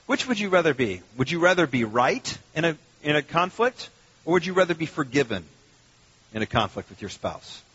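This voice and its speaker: A middle-aged man preaching a sermon in a conversational, animated way, breaking into loud mock rants. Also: on the high side, a little fast, breathy edge. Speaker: pastor. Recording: dull, lo-fi sermon recording.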